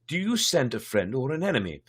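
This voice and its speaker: A man's voice: medium pitch, big pitch swings, a little fast, a bit bright, breathy edge, pitched above the performer's own voice. A man voicing a haughty, scornful six-headed sea dragon from a storybook tale. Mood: demanding.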